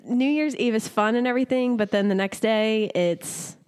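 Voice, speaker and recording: A woman's voice: a little high, moderate pace, darkish tone, clean tone. Blunt, sarcastic woman podcast co-host. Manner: blunt, sarcastic, laughs often. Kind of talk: casual chat.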